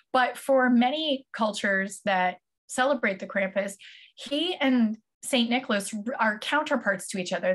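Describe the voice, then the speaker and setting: A woman co-hosting a casual podcast chat, telling a story with animated quoted voices. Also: medium pitch. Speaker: podcast co-host.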